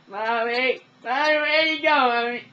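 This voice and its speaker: A man's voice: extremely high pitch, takes it slowly, bright, forceful tone, highs cut off, slight background noise, pitched above the performer's own voice, full character voice. A man voicing a whiny little child, pleading and whining.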